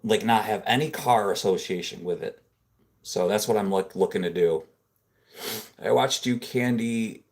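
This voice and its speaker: A man hosting a casual livestream from a home room, rambling and filling his talk with "dude" and "like," close on a boom-mounted microphone. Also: moderate pace. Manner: rambling, filler-heavy, says "dude" and "like" a lot. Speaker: livestream host. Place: home room full of computer monitors.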